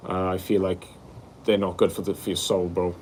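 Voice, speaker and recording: A man's voice: low-pitched, normal speed, slight background noise. Laid-back man chatting live. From Wales. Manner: reads out viewer comments, relaxed, calls people bro. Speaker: livestream host. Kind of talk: casual live chat answering viewers.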